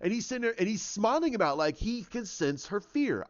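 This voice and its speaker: A man giving casual commentary on films, rambling and animated, acting out scenes in voices. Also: high-pitched, fairly quick, hardly any pauses, dull audio. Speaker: YouTube commentator.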